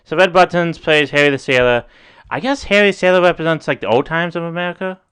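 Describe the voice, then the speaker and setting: A man in easygoing podcast chat, his voice bright and clear with a smooth, ringing edge. He rambles as he talks, strings thoughts together with loose fillers, and circles back on himself. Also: on the high side, fast talker. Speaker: podcast co-host. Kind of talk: casual chat.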